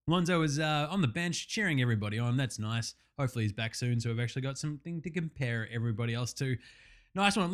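A man with an Australian accent hosting a sports talk podcast, animated, slangy and sweary. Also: mid-range voice. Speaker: podcast host. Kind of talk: sports talk show monologue.

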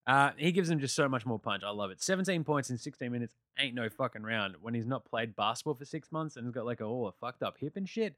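A man's voice: mid-range voice, lively intonation, fast, few pauses, a bit bright, no room sound, clean studio sound. An Australian man hosting a casual basketball recap, blunt, joking and full of swearing. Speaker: basketball podcast host.

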